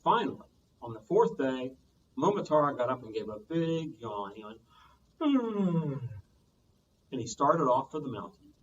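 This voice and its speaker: A man, a children's librarian, reading a storytime tale aloud with lively sound effects, heard from a distance on muffled audio. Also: mid-range voice, moderate pace, slight background noise.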